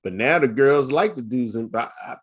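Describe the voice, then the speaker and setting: A man interviews his guest in a loose, casual way, mostly putting in short agreeing replies and now and then a teasing line. His pitch moves a lot, lively rather than flat. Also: moderate pace, slightly rough.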